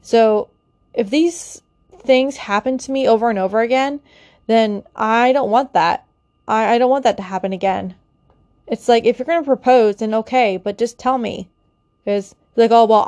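A woman's voice: fairly high pitch, normal speed, a little mellow, dry recording. Young woman, stuffy nose, emotional vlog rant, swearing, rambling, dry close sound. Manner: swearing, rambling with many fillers and restarts. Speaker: vlogger. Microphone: phone or built-in mic.

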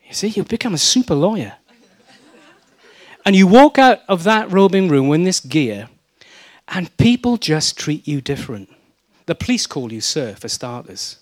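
A middle-aged man from South Wales, speaking with a Welsh accent, preaches a sermon full of humorous stories and mimicry. His voice sits on the high side and moves at a normal speed, with no echo. He delivers it all as lively, funny storytelling, imitating the characters he describes.

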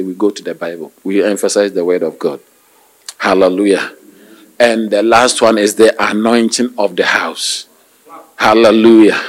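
A male pastor preaching a sermon, calling out hallelujahs and amens, with hesitant restarts and slow, drawn-out emphasis. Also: lowish voice, poor audio. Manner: call-and-response preaching with frequent hallelujahs.

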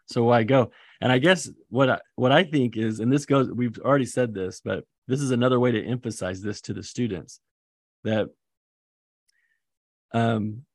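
A man's voice: mid-range voice, steady tone, moderate pace, dry recording. A man who teaches seminary, thinking aloud with enthusiasm and fillers while talking through lesson ideas. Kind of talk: casual teaching-prep chat.

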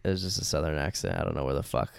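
A man's voice: very deep voice, rapid-fire, vocal fry, smooth. A young man co-hosting a podcast, chatting casually and swearing freely in laid-back banter. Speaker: podcast co-host. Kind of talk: casual chat.

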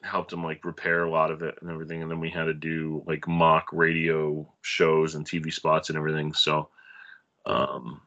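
A man's voice: extremely low pitch, flat delivery, normal speed, pushed and bright, highs cut off. A man co-hosting a podcast in casual chat, laid-back and rambling. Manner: laid-back, rambling, with playful bits of mock radio-announcer voice. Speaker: podcast co-host.

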